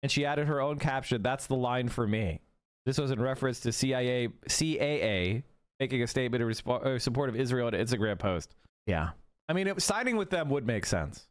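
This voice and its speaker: A man's voice: mid-range voice, lively intonation, a little fast, no echo. A man on a live stream reading an article aloud to his chat, casual, with small slips and restarts.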